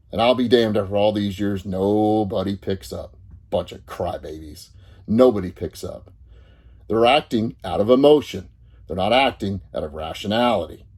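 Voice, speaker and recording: A man's voice: on the low side, dark tone, slightly rough. A middle-aged man, a therapist talking bluntly and confrontationally to the viewer, swearing freely. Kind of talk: blunt motivational monologue to camera.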